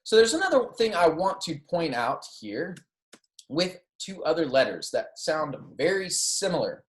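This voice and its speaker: A man's voice: on the high side, very animated, reverberant. A man teaching as a Spanish instructor in a recorded lecture, patiently modeling sounds and correcting himself as he goes. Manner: patient, modeling pronunciation slowly, self-correcting.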